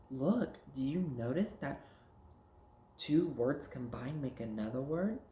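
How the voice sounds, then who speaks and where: Slow, sing-song male phonics teacher. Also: sing-song, darkish tone. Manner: slow, sounds out words and single letter sounds with big pitch jumps. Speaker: early-grade teacher. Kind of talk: phonics lesson for young children. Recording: roomy echo.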